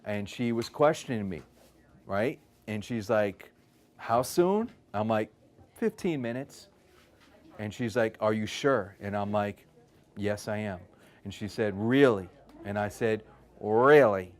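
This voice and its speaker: A man's voice: on the low side, measured pace. A man giving a live wellness presentation, telling stories and checking in with "okay?". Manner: animated storyteller, frequent "okay?" check-ins.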